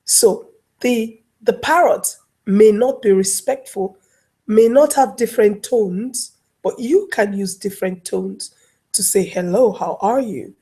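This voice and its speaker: A woman's voice: mid-range voice, slow pace, warm tone, husky. A woman life coach speaking as a guest, telling everyday stories and acting out little scenes. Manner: storytelling, acts out little scenes. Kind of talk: casual interview talk. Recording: online talk show audio.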